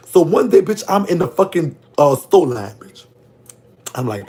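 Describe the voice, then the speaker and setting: Gossipy man from Louisiana, Southern accent. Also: normal speed. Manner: gossipy and animated, voice jumping high when reacting to comments. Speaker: vlogger telling prison stories. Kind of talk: casual storytime monologue.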